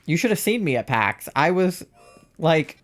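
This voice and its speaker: A young transmasc streamer in their twenties, chatting casually while gaming, rambling with lots of "like" and self-deprecating asides. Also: male voice, on the high side, very animated, moderate pace, a bit bright.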